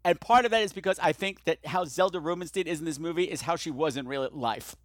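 A man hosting a podcast, giving a casual, rambling solo movie review into his microphone, swinging between muttering and excited yelling. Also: on the high side, fast talker, dry recording. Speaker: podcast host.

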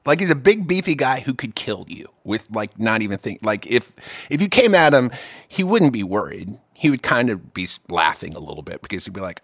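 A man telling a long story in casual chat, profane and animated, with quick asides and restarts. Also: mid-range voice, dry recording, clean studio sound.

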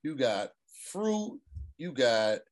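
Animated man arguing a point. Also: medium pitch, very slow. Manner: animated, emphatic listing. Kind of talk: casual group chat.

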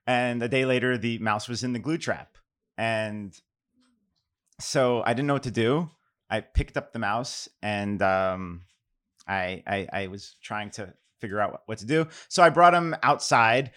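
A man's voice: fairly low pitch, measured pace. A middle-aged man from New York, a poet telling a casual anecdote with fillers and restarts, then reading his poems aloud. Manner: relaxed, self-deprecating, many fillers and restarts.

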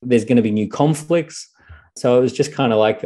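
Australian man with a mellow voice. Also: mid-range voice, fairly quick. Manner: animated, thinking aloud with fillers. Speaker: guest author. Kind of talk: podcast interview.

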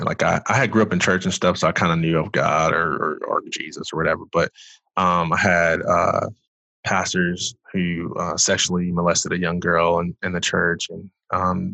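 Low husky man telling his story. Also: bright, forceful tone, dry recording. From Detroit. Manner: earnest storyteller, rises when reliving the moment. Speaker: pastor and guest. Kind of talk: emotional personal testimony.

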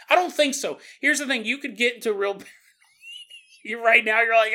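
A man hosting a solo podcast, telling a story in an animated way and laughing as he acts out quotes. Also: very high voice, moderate pace, long pauses. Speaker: podcast host. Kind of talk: casual solo podcast monologue.

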